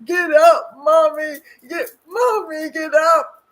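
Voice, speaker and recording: A woman's voice: high-pitched, slow, a bit bright, pitched above the performer's own voice, poor audio. A woman putting on the voice of a small boy pleading with his mother, in a raised, whining tone.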